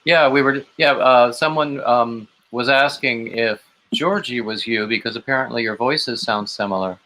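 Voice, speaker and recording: A man's voice: medium pitch, moderate pace, bright, forceful tone, low-quality recording. A man hosting a casual livestream chat, greeting guests and asking them friendly questions.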